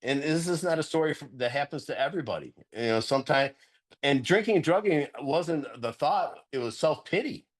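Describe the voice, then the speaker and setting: A middle-aged man talks candidly as a sponsor at a recovery meeting, a little fast. He's earnest and animated, laughing often, and his voice jumps higher whenever he stresses a point.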